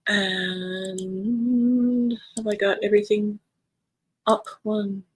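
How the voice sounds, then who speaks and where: A chatty woman with an American accent hosts a live reading stream and reads out viewer comments. Her voice sits at a middling pitch. The sound is close and dry, with no room in it. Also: steady tone, very slow, dry recording. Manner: chatty, friendly, reads chat aloud with bright lifts. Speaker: livestream host of a reading sprint. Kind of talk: casual livestream chat, reading out viewer comments.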